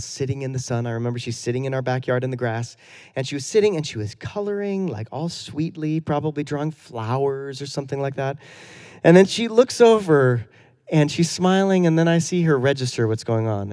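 A man in his thirties, a pastor giving a sermon in a relaxed, conversational storytelling way with self-deprecating humor. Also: mid-range voice.

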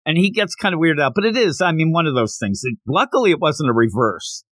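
A man hosting a podcast, chatting casually about a manga chapter and acting out the characters' lines in quick bursts. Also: fairly high pitch, expressive, a bit bright, no echo. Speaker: podcast host.

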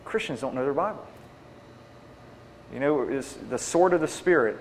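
A man at medium pitch, animated and at normal speed, takes questions from the audience about evangelism. Earnest and plain in manner, he repeats each question aloud before responding. The Q&A was recorded in a hall with long reverb and slight noise.

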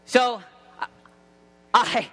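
A man in his thirties preaching an impassioned sermon to teenagers as a youth pastor, often shouting. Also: extremely slow. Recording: long hall reverb.

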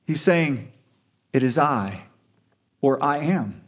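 A man's voice: medium pitch, expressive, takes it slowly. A male pastor preaching a sermon to a congregation in a conversational, earnest way, pushing up for emphasis on key points.

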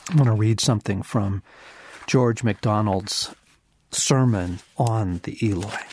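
A man's voice: on the low side, darkish tone, slight background noise. A man giving a devotional teaching, reading scripture and dropping to a whisper for emphasis. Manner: slow, intense, drops to a whisper for emphasis. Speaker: author and teacher.

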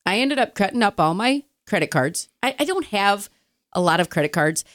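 A woman's voice: mid-range voice, big pitch swings, normal speed, a bit bright, no echo, studio quality. Earnest, reflective woman. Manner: earnest, reflective, a bit hesitant. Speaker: podcast co-host. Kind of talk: casual faith chat.

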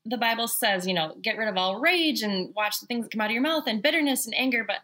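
A woman's voice: a little high, lively intonation, quick pace, sharp tone. A woman co-hosting a casual talk show, chatting and quoting scripture conversationally. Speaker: podcast co-host. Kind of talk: casual faith chat.

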